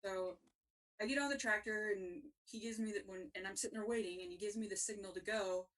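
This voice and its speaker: A woman's voice: medium pitch, fairly quick, recorded from a distance. A woman co-hosting a casual talk show, telling funny stories with lots of laughs. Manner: animated, laughing storyteller. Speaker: podcast co-host. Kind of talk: casual storytelling.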